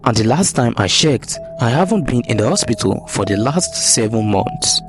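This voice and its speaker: A man's voice: medium pitch, lively intonation, normal speed, over music, close to an everyday voice. A man voicing an angry, accusing young wife in a narrated folktale. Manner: scolding, accusing.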